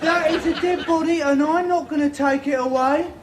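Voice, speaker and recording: A man's voice: extremely high pitch, fairly even intonation, moderate pace, background noise. An actor with a British accent playing an indignant, officious male rubbish collector in a studio sitcom. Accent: British English. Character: indignant male binman, preachy. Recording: roomy TV sitcom set with audience.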